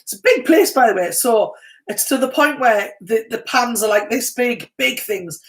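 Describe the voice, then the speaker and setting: A woman's voice: fairly high pitch, lively intonation, normal speed. A middle-aged woman co-hosting a live stream, chatting casually and telling stories, often breaking into laughter. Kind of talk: casual chat.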